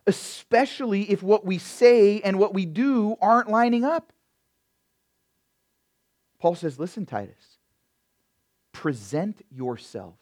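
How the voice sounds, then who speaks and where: Brief: middle-aged man, pastor, sermon delivery; slightly high pitch, emphatic with soft drop-offs. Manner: emphatic, shifts between loud stresses and quiet asides; addresses listeners as beloved.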